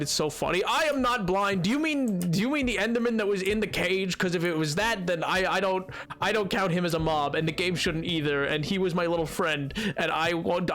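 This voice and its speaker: A man's voice: high-pitched, fairly bright tone. A man streaming a game, chatting casually and playfully and joking with his viewers. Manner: playful, jokey, banters with chat. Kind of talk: casual gameplay commentary.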